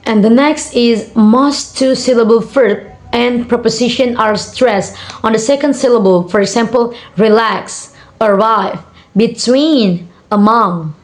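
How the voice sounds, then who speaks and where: A woman's voice: fairly high pitch, moderate pace, darkish tone. A young woman, a university student reading out a class assignment in a hesitant way, with many fillers and repeated example words. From Indonesia. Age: young adult.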